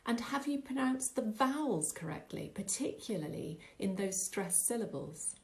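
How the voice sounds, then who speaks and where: A middle-aged woman teaches in a scripted voice-over, speaking clearly and at a measured, patient pace. Her tone stays steady and explanatory, like a teacher walking a learner through each step. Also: medium pitch. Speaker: English teacher.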